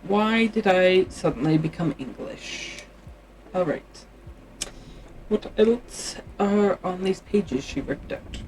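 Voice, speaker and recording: A woman's voice: fairly low pitch, animated, slow pace, a little mellow, slight background noise, poor audio. A Canadian woman chatting casually on her livestream, musing aloud and often trailing off mid-thought.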